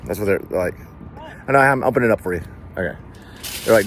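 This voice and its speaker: Low-voiced guy rambling on in a car, lots of uh's, faint hiss behind. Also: fast talker. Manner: rambling, digressive storytelling with many fillers. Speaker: vlog host. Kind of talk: rambling casual chat.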